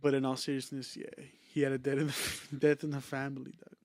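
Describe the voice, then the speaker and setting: A man's voice: mid-range voice, monotone, fairly quick, no room sound, clean studio sound. A young man hosting a podcast, telling stories in a rambling, profane way, full of "like". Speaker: podcast host. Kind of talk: casual chat.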